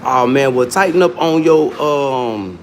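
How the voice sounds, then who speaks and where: A man's voice: mid-range voice, lively intonation, unhurried, a little hiss or hum. A man with hosting a livestream, taunting and arguing with users in his chat in a casual, combative way. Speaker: livestream host.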